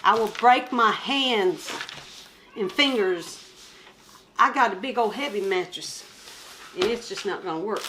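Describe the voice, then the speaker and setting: A woman's voice: medium pitch, animated, measured pace, pauses often, bright, forceful tone, a little hiss or hum. A woman chatting casually as she shows her craft kit, rambling and joking about herself. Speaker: crafting vlogger. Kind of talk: casual show-and-tell chat.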